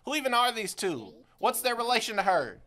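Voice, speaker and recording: A man's voice: extremely high pitch, sing-song, a little fast, bright, forceful tone. A young man streaming a rhythm game, frustrated and trash-talking with lots of swearing. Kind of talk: live gameplay commentary.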